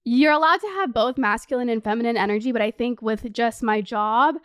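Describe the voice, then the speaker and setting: A young woman in her twenties chatting excitedly to camera as a vlogger, swearing freely. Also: a little high, brisk, clean tone, no echo, clean studio sound. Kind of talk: casual chat to camera.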